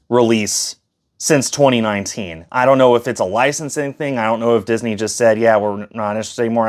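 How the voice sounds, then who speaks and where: A man giving a casual, chatty tour of his disc collection, with fillers and self-corrections as he goes. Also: medium pitch. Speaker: collector showing his shelf.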